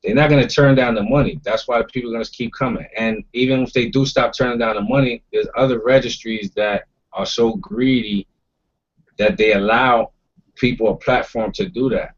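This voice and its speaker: A man's voice: mid-range voice, fairly even intonation, normal speed. Blunt, swearing man on dull audio. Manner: blunt, emphatic, swears freely. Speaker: podcast host. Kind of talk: casual roundtable talk.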